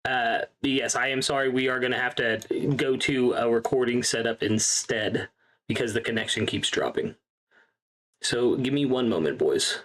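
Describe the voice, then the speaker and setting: A man's voice: mid-range voice, moderate pace, a bit bright. A man hosting the stream and playing a tabletop game, chatting casually and speaking to the audience. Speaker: channel host and player.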